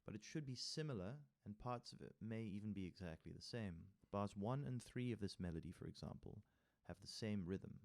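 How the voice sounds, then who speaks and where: Male music theory tutor, low voice, mixes reading aloud with casual remarks and counts rhythms out. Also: lively intonation, a little fast, few pauses, darkish tone. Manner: reads text aloud, then adds casual asides and taps rhythms with sung syllables. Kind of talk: tutorial walkthrough reading from a workbook.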